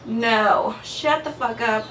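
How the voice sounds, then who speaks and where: Young woman vlogging, high voice, blunt and sweary, says like a lot, kinda far off in an echoey room. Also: takes it slowly, a bit bright, a little hiss or hum. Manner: chatty, blunt, swears freely, lots of "like". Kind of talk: casual storytelling to camera.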